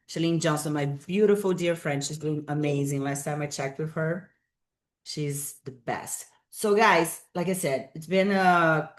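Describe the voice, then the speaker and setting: Low-voiced woman chatting on a livestream. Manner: chatty, rambling, greets viewers by name. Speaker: fitness coach and bodybuilding competitor. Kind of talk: casual livestream chat with viewers. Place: at home, with cats nearby. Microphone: laptop or webcam on a video call.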